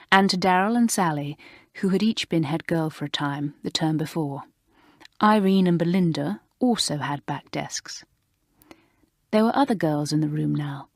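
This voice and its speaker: A woman narrates a storybook in a calm, even reading voice. Her pitch sits on the low side. The recording is dry and close, with no room sound. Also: dry recording. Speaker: audiobook narrator.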